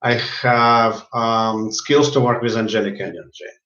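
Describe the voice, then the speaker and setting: A man's voice: medium pitch, fairly even intonation, unhurried, sharp tone. A man who works as a healer tells a story in casual speech, often repeating and restarting his words. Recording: roomy, dull lo-fi sound.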